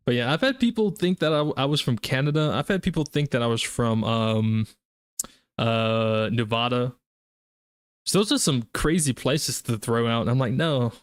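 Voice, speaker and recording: A man's voice: medium pitch, normal speed, clean tone, no room sound. Chatty Southern US man, rambling. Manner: rambling, chatty, many fillers and restarts. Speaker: gaming streamer. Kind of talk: casual live-stream chat while gaming.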